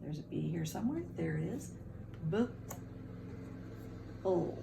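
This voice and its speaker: A woman's voice: sits low, big pitch swings, quick pace, gravelly, noisy background. A woman teacher giving a phonics lesson to children, patiently sounding words out syllable by syllable.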